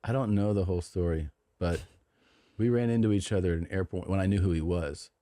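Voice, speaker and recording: A man's voice: low voice, a little fast, no room sound, studio quality. A man co-hosting a comedy podcast, chatting casually with slang and swearing. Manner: animated, swearing, slangy storytelling. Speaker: podcast co-host.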